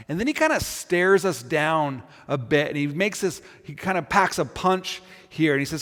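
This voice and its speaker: A man with a bright, high voice delivers a sermon. He speaks earnestly and often doubles back on words as he builds toward a point. His voice rings with the long reverb of a large hall. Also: animated, normal speed. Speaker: pastor.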